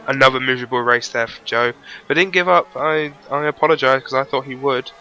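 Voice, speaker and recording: A man's voice: medium pitch, sharp tone, slight background noise, rough recording. A man giving casual, chatty commentary on an online sim racing stream, with joking, apologetic asides.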